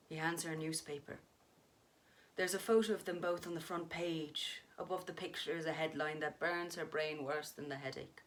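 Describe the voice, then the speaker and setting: A woman reading a ghost story aloud in a hushed, suspenseful voice. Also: low-pitched, fairly even intonation, normal speed.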